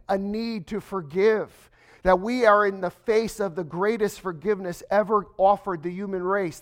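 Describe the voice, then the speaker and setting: Pastor, man, fairly high voice, dynamic sermon delivery moving between quiet and forceful. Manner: swings from hushed to emphatic, slows for stress.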